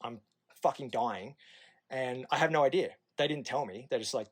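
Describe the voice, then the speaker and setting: A man's voice: medium pitch, moderate pace, husky. Candid Australian man telling a story. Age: 30s. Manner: candid and profane, acting out the nurses in quoted asides. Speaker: podcast guest. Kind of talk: casual storytelling.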